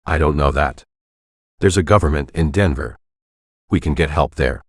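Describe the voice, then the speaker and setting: A man's voice: a bass voice, normal speed, no echo, studio quality. A man voicing a terse, stubborn, protective father in an audiobook.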